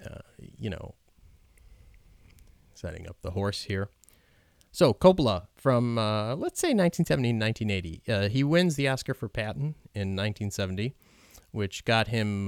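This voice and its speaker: A man talks over a film in an unscripted commentary, stopping and restarting often with plenty of ums. His voice sits a bit low and sounds clean and smooth. The sound is dry, with no room around it. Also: no echo. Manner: halting, many ums and restarts, admiring.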